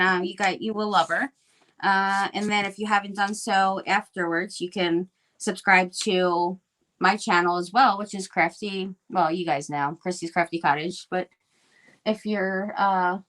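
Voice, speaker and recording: A woman's voice: mid-range voice, unhurried, a bit bright. A woman hosting a live craft stream, chatting in an upbeat way with lots of fillers while she shapes clay. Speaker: craft livestream host.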